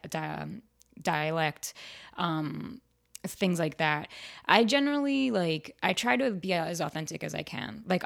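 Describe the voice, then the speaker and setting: A young adult woman with a somewhat low voice chats as a podcast guest, telling stories with lots of animation. Her talk is loose and filled with casual fillers. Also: vocal fry. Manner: animated storytelling, many fillers like "like" and "you know". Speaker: actor and writer, podcast guest. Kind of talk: casual interview chat.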